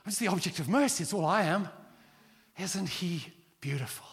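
A middle-aged man preaching a sermon as pastor, animated and acting out quoted prayers. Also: high voice, normal speed. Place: large church hall. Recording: long hall reverb.

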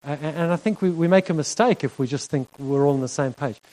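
Earnest pastor preaching. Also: male voice, a little high, fast talker, a little mellow. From South Africa. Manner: earnest, conversational, laughs often, voice rises when stressing a point. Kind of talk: sermon. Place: church hall.

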